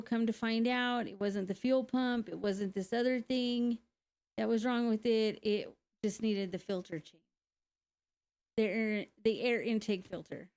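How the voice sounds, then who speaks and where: Candid single mom, higher voice. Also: female voice, darkish tone. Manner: candid, conversational, laughs often, many fillers. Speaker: single mother sharing her story. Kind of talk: casual personal testimony.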